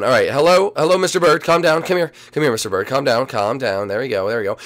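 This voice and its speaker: A man hosting and narrating a Minecraft role-play series, energetic and full of hesitant fillers. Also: medium pitch, brisk, vocal fry, hardly any pauses. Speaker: host.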